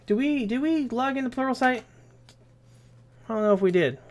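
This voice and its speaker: A young man hosting a casual live Q&A stream, talking in an energetic, rambling way with casual swearing. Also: very high voice, moderate pace.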